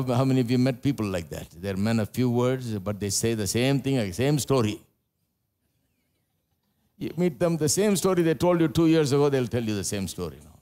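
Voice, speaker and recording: A man from India with an Indian English accent, preaching a live church sermon, climbing to loud emphatic peaks and dropping back to low, chatty asides. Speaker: pastor.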